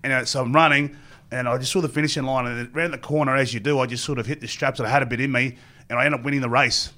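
A man's voice: mid-range voice, fairly even intonation, rapid-fire, sharp tone. A middle-aged man with an Australian accent, a former rugby player telling long rambling stories as an interview guest and acting out what others said. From Queensland, Australia. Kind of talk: storytelling interview.

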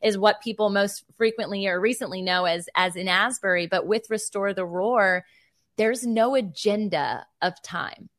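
A woman in her thirties hosting a faith podcast, telling a personal story in an animated, emotional way. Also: medium pitch, normal speed, no room sound, studio quality. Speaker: podcast host. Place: Virginia Beach.

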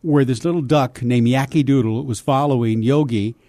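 An older man, a voice actor, telling stories in an interview with lively energy. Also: medium pitch, moderate pace, no echo. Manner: animated, slips into character voices. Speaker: voice actor guest. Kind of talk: storytelling interview.

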